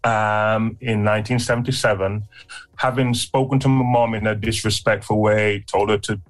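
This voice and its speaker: Guest, man in his sixties, lively storyteller, lots of pitch leaps. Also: moderate pace. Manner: animated storyteller, voice leaps high when acting out voices. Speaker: guest sharing testimony. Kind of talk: emotional faith testimony.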